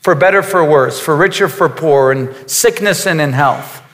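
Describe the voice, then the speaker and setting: A man's voice: a little high, normal speed, fairly bright tone, in a large hall. A man preaching a sermon as a pastor, emphatic, with repetitions and asides to his congregation.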